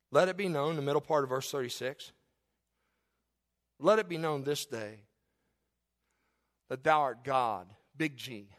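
A male preacher with a high-pitched voice delivers a sermon. He swings from loud, emphatic peaks down to soft, hushed passages. When he reads scripture he slows right down and stretches the words out dramatically. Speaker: pastor.

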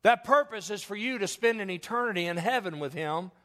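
Middle-aged preacher guy, high bright voice, swings loud then hushed, big churchy reverb. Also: expressive, fairly quick. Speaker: pastor. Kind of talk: sermon. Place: church sanctuary. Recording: long church hall reverb.

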